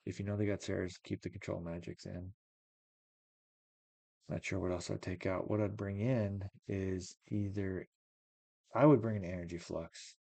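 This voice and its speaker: A man's voice: deep voice, steady tone, moderate pace, creaky, pauses often, warm tone, dry recording. A man casually commentating a card game match, thinking aloud and weighing options. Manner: musing, thinks aloud with many maybes. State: yawning, tired.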